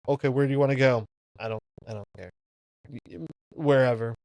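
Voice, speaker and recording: A man's voice: mid-range voice, darkish tone, no room sound, rough recording. Laid-back podcast man, dry close sound. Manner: halting, repeats himself, frequent fillers. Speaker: podcast co-host. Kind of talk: casual chat.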